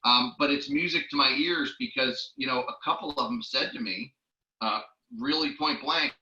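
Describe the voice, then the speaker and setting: Man, very bright forceful voice, training talk, storyteller, roomy dull lo-fi call recording. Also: medium pitch, moderate pace, creaky. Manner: lively storyteller who acts out the people he quotes. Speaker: network marketing trainer. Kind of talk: training talk with personal stories.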